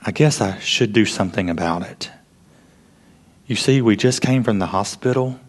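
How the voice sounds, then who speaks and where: Man, pastor, sermon, low-pitched, earnest storytelling, hushed emphasis. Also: normal speed, husky.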